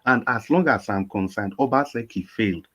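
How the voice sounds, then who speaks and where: A Nigerian man with a fairly low voice holds the floor on a live-stream panel. He argues insistently, mixing Pidgin into his English. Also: moderate pace, a bit bright, breathy edge. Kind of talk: heated live-stream debate.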